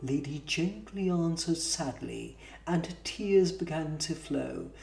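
Slow, lilting woman reading verse. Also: sits low, creaky, a little mellow. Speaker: reader. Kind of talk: poetry reading. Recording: roomy distant mic with guitar music.

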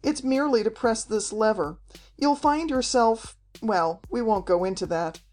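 A woman's voice: a little high, normal speed, darkish tone, voice pushed up, lightly acted. A woman reading aloud, voicing a mocking, desperate male villain in an audiobook. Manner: snarling, mocking.

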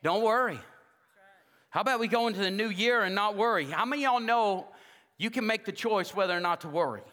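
A man preaches in a high, sharp voice that carries. He is jokey and animated, slipping into the voices of the people in his stories. A long reverb trails each phrase around the sanctuary. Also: brisk. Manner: jokey, animated, acts out quoted dialogue. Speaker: pastor. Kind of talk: humorous sermon with storytelling. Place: church sanctuary.

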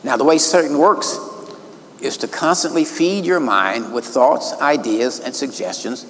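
A man's voice: medium pitch, a bit bright. A male minister preaches from his notes, pressing his points and drawing out the words he wants to land. His voice sits in a mid range. It rings through a reverberant hall over a faint hiss. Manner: emphatic, stretches key words slowly. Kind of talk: sermon teaching from notes.

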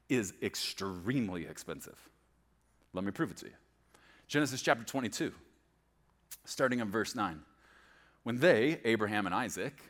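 A man preaching as a pastor, with animated storytelling and playful asides. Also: mid-range voice. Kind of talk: sermon.

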